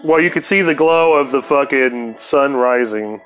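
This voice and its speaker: A man's voice: medium pitch, a little slow, fairly bright tone, soft background music. A man telling a rambling, profane story on his podcast, laughing now and then. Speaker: podcast host. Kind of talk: casual storytelling monologue.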